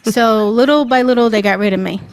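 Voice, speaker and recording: A woman chats as a radio guest, her voice sitting a little high. She tells cheeky, bawdy stories and laughs often. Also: brisk. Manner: bawdy, laughing, animated storyteller. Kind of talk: casual chat.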